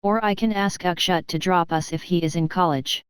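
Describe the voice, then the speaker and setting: A woman voicing an anxious, excitable young woman who speaks urgently, read aloud in an audiobook. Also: fairly low pitch, normal speed, smooth, no echo, clean studio sound, close to an everyday voice.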